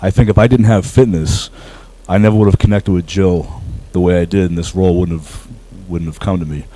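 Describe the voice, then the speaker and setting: A very low, mellow-voiced man speaks as a guest in an interview. He talks about his work humbly, with frequent fillers and restarts. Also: fairly even intonation, fairly quick, poor audio. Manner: humble, hesitant with many fillers. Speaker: actor guest. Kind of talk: casual interview.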